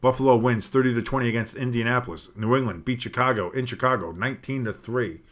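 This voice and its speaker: A man's voice: medium pitch, quick pace. A tired, yawning man calls a football game play by play from his home setup. His delivery is loose and chatty, and he drifts from the action into scores and side remarks before snapping back to the snap. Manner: casual, breaks off the play calls into asides and scores. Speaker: play-by-play commentator. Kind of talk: home-made live game commentary. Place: home studio with a dog and fireworks outside.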